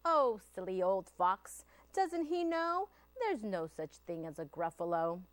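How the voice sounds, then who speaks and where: A woman's voice: mid-range voice, big pitch swings, a little slow, a little hiss or hum. A woman doing a prim, clever storybook mouse. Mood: sly. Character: small clever mouse, calm and sly. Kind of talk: storybook reading.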